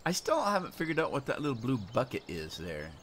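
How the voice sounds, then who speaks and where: Gaming streamer, male, mid-pitched, rambling and chatty, answers chat on the fly, game noise under him. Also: wildly swooping pitch, brisk, fairly bright tone. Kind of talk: casual live-stream commentary. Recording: noisy game audio behind.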